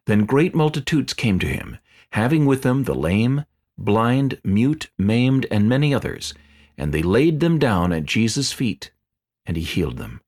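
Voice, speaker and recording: A man narrating scripture in a clear, steady reading voice. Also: mid-range voice, a little slow.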